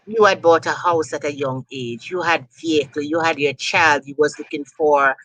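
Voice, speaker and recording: A woman hosts an interview program, talking in long, rambling turns filled with "you know". Her voice sits low. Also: steady tone, moderate pace, fairly bright tone, rough recording. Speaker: host. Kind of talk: interview talk show.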